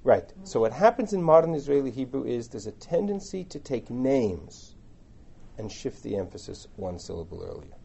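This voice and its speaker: Lecturing on a biblical text, a male Torah teacher reads and translates verses one line at a time, breaking off for casual asides and questions to his students. He's very animated at a normal speed, with a medium-pitched, gravelly yet mellow voice.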